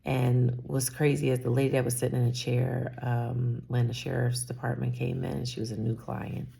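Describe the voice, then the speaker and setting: Woman in her 50s, very gravelly, husky, candid rambling vlog talk. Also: rumbling low, level tone, normal speed, mellow. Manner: candid, rambling, drops to a whisper at times. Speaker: salon owner. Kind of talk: personal reflective vlog.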